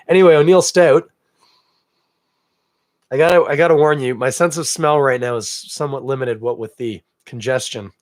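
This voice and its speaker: A man with a head cold hosts a relaxed live beer-tasting show, sounding stuffy and snuffly as he rambles. He jokes at his own expense between sips. His mid-range voice sits close and dry on the mic. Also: mid-range voice, normal speed, dry recording. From Canada. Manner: chatty, self-deprecating, rambling asides. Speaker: podcast host.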